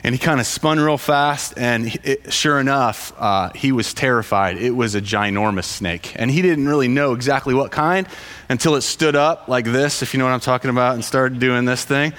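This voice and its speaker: A man telling a parable in casual storytelling, halting with frequent fillers and restarts. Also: mid-range voice, a bit bright. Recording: long hall reverb.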